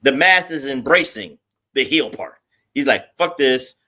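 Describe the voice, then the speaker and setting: Bright, emphatic male podcast host. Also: mid-range voice, unhurried. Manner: lively, emphatic, quizzing his co-host. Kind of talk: casual chat.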